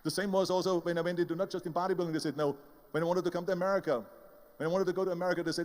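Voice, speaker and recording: A man's voice: high-pitched, steady tone, rapid-fire, a little mellow, long reverb tail. An older man with an Austrian German accent giving an emphatic motivational speech, telling his story and acting out the voices of the people in it. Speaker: motivational speaker.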